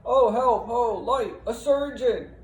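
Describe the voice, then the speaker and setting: A man voicing a wounded young soldier crying desperately for help, in high, strained cries. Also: slow, darkish tone, reverberant, low-quality recording.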